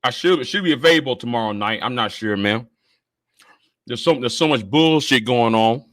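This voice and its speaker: Swearing all the time and stuttering over repeated words, an angry man hosts a laid-back livestream. His voice is medium-pitched and a bit bright, with lively intonation at a moderate pace.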